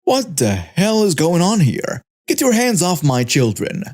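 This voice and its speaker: A man's voice: high-pitched, wildly swooping pitch, unhurried, a little mellow, pitched above the performer's own voice, exaggerated voice. A man voicing a furious, protective mother confronting a stranger in a story reading. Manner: angry, confrontational.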